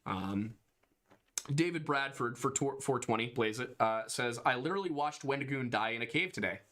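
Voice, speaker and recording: A man's voice: mid-range voice, animated, moderate pace, fairly bright tone. A young man from Pennsylvania co-hosting a casual livestream podcast, reading donation messages aloud and laughing often.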